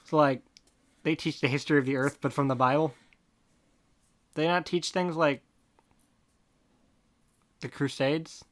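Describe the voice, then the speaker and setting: A podcast host reading fan fiction aloud in a deadpan tone, breaking off for snarky comments. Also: medium pitch, measured pace, pauses often. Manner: deadpan reading broken by snarky asides and laughter. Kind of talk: comic fanfic reading with asides.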